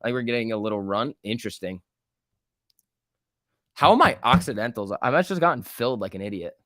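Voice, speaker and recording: A man's voice: medium pitch, no echo, clean studio sound. Man chattering live over stock charts. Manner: loose running commentary, reads chat aloud, quick excited outbursts. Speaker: livestream host. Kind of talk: casual live trading stream chatter.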